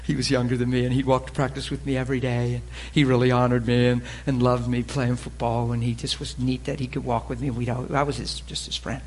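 A pastor telling a story from the pulpit in an animated way, dropping quiet and then laughing and shouting. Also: male voice, mid-range voice, quick pace, hardly any pauses, a little hiss or hum. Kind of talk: storytelling sermon. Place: church sanctuary pulpit.

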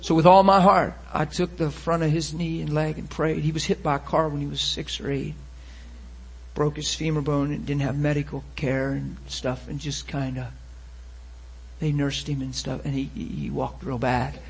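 Raspy high-voiced preacher man. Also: level tone, normal speed. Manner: emotional storytelling, swinging from loud to hushed. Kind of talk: sermon testimony.

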